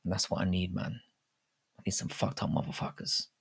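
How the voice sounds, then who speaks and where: A man's voice: deep voice, little pitch movement, a little fast, gravelly, husky. A young English man with an English accent, hosting a live chat stream, rambling casually, swearing often and reading viewer comments aloud. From England. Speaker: livestream host.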